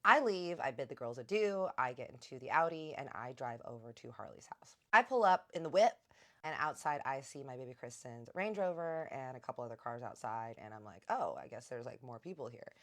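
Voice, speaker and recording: A woman's voice: a bass voice, brisk. Chatty young woman telling a story. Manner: chatty, animated, quotes others in her own voice. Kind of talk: casual storytime narration.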